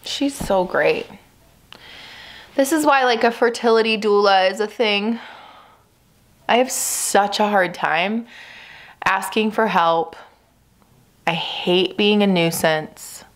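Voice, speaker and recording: A woman's voice: mid-range voice, slow, pauses often. A woman in her thirties talking candidly to camera in a personal vlog at home, chatty and full of "like". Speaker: vlogger.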